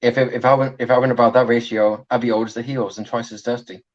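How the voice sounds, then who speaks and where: A man's voice: medium pitch, level tone, quick pace. A man chatting as a livestream guest, modest and joking, stumbling over words now and then, over dull lo-fi call audio. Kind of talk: casual livestream chat.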